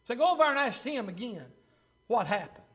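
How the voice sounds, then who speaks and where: A man with a drawl preaches in a remarkably high voice. He delivers his sermon fervently, filling pauses with drawn-out 'uh' sounds, swelling to loud bursts and then sinking low. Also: big pitch swings, husky. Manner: fervent, pausing with 'uh' and surging louder then dropping low. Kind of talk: revival-style sermon.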